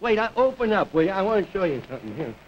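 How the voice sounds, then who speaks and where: A high-pitched man hosting a comedy show delivers a rambling, folksy stand-up monologue in a very fast, sing-song voice, chuckling at his own jokes. A studio audience laughs along, captured in dull lo-fi 1950s television audio with loud hiss.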